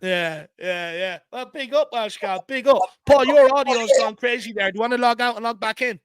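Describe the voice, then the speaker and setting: An Irish man hosting a fan live stream in casual chat, shouting out viewers by name. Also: very high-pitched, moderate pace, a crowd in the background. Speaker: fan channel host.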